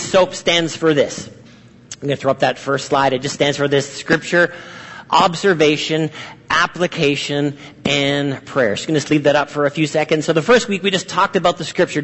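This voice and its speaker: A man's voice: on the high side, a bit bright, in a large hall, low-quality recording. A man preaching a sermon as pastor, earnest and repetitive, posing many rhetorical questions.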